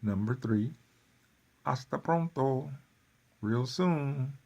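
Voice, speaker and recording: A man teaching a workbook lesson, repeating phrases slowly with folksy asides. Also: mid-range voice, gravelly, darkish tone, dull audio. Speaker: Spanish teacher.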